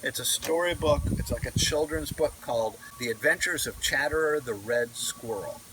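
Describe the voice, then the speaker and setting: Vlogging casually outdoors, this man talks into his camera mic with no wireless mic, drifting off-topic with plenty of fillers and restarts. He's a vlogger who also narrates audiobooks, and his medium-pitched voice is fairly bright at a normal speed. The audio is poor, with slight background noise.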